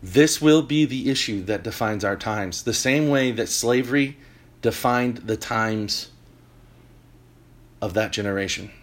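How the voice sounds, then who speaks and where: A man hosting a talk show, delivering an animated opinion monologue with emphatic points and joking asides. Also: fairly low pitch, measured pace. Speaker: podcast host.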